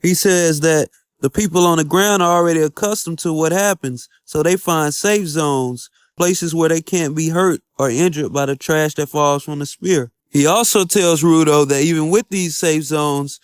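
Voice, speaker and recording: A man's voice: on the high side, moderate pace, clear, resonant tone, no echo. A man recapping an anime episode in an upbeat, casual, slangy storytelling way. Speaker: anime reviewer.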